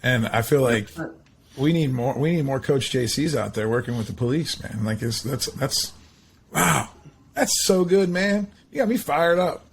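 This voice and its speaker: Excitable male podcast host, faint hiss. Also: mid-range voice, moderate pace, vocal fry. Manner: enthusiastic, loose, lots of "man" and "like". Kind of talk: casual interview chat.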